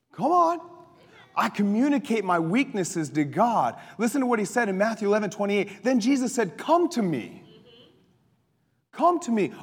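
A male pastor preaching a sermon, telling stories with laughter and dropping to a soft voice for prayers. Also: very high voice, breathy edge. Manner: animated storytelling preacher, laughs often, drops to soft prayer voice. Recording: long hall reverb with faint music.

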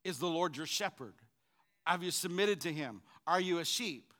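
A male preacher with a high, bright voice delivers a lively sermon. He calls the congregation to answer him back. He swings between fervent, loud passages and hushed, conversational asides. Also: moderate pace. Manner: call-and-response preaching, swinging from shouts to quiet asides.

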